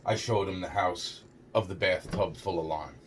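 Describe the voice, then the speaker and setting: Young man, low voice, halting rambling account, frequent swearing, faint background noise. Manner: halting, repeats "it's like", heavy swearing. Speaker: storyteller recounting a personal experience.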